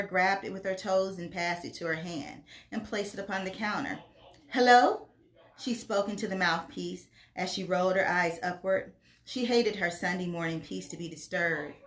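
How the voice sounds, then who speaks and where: A woman narrating a story aloud in a slow, measured storytelling manner. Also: lowish voice, a bit bright. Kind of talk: audiobook narration.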